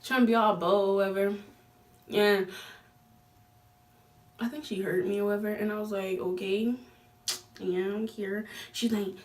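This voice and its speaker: A woman's voice: medium pitch, normal speed, distant mic. Slangy young woman telling a story. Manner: slangy, animated, lots of fillers. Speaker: vlogger. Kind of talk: casual storytime chat.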